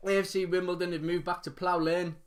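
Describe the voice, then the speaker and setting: A man's voice: high voice, flat delivery. A man hosting a casual live quiz from his home dining room, reading out answers and chatting between them. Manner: reads answers briskly, chats and laughs between. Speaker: quiz host.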